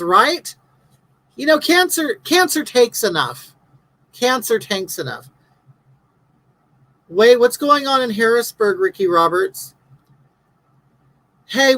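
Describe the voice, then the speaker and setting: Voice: mid-range voice, fairly bright tone, rough recording. A livestream host in their fifties, chatting casually with viewers and reading out their comments in a blunt, sarcastic, ranting way. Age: 50s.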